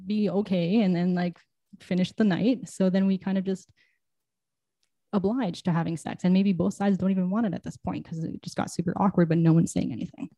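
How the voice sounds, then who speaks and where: A woman's voice: on the low side, dark tone, dry recording. A woman who is a guest on a podcast, talking in an earnest and reflective way in casual conversation.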